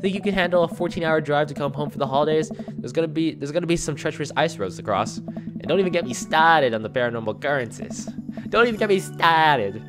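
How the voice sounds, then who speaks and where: A man's voice: a little high, fast talker, music in the background, pitched above the performer's own voice, natural voice. A man reading the lines of a goofy, sentimental single dad in a game. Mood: tender. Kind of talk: reading game dialogue aloud.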